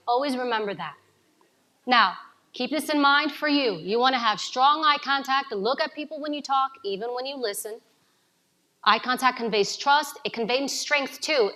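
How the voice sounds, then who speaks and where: A woman from New giving an energetic coaching talk to a live audience, asking them questions. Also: high voice. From New York City. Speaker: speaker at a summit.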